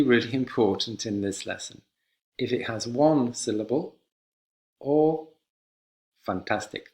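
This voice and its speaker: Man, English teacher, slow clear delivery, repeats examples, mid-pitched voice. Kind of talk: classroom lesson.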